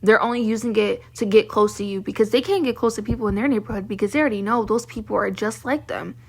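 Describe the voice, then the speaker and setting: Husky young woman ranting. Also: mid-range voice, fast talker. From Baltimore, Maryland. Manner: heated, profane, venting. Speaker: vlogger. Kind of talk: ranting monologue to camera.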